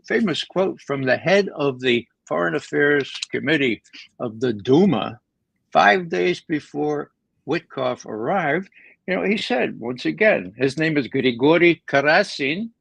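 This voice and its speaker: Gravelly-voiced man, emphatic guest. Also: a little high, lively intonation, a little slow, a bit bright, no room sound, poor audio. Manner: emphatic, with frequent repeated words and restarts. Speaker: guest analyst. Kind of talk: conversational political commentary.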